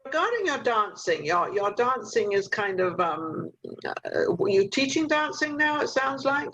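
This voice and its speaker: A woman's voice: fairly high pitch, big pitch swings, a little slow, fairly bright tone, rough recording. An older woman hosting a talk show over a video call, giving rambling, motherly advice with lots of fillers. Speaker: host.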